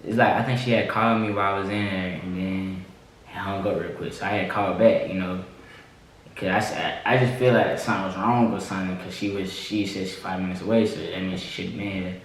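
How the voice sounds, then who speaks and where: A young vlogger with a low voice talks fast as he tells a casual story, relaxed and full of fillers, restarts, and repetition. He's recorded in an echoey room from a distant mic with faint background noise.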